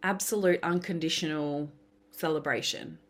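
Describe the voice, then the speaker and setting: Podcast guest: woman, lowish voice, animated storyteller. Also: moderate pace. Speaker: podcast guest, business coach. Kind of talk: casual interview chat.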